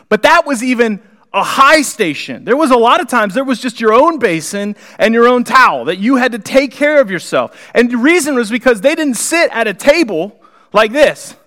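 Lively pastor preaching conversationally. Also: male voice, sits high. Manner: animated, conversational, acts out the characters. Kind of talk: sermon. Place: church sanctuary.

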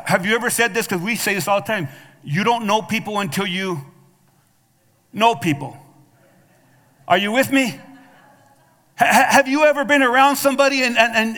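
A man's voice: sits high, normal speed, pauses often, sharp tone. A male pastor preaching a sermon, calling out to the congregation for responses and often restarting his words with repeats. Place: church sanctuary. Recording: long hall reverb from a church.

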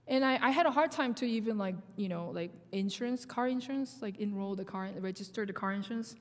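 A woman with a Korean accent tells her faith testimony in English, which is not her first language, pausing and restarting often. Her voice sits on the higher side. It rings with the long reverb of a large hall. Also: fairly bright tone. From South Korea. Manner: halting, restarts often, laughs through her story. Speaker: guest speaker sharing testimony.

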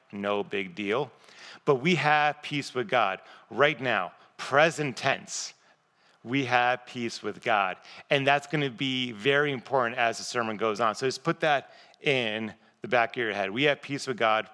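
A man's voice: medium pitch, bright, forceful tone. A man preaching a sermon in a casual, conversational, self-deprecating way. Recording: long reverb of a large hall.

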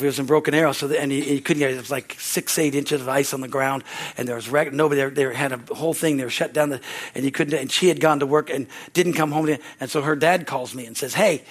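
A man preaching a sermon as pastor, telling rambling, animated stories full of restarts. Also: mid-range voice. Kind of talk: sermon storytelling. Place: church sanctuary.

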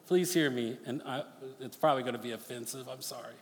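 A man preaching a sermon as pastor, swinging from forceful near-shouted appeals to hushed, quick storytelling. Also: mid-range voice, animated. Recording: long reverb of a large hall.

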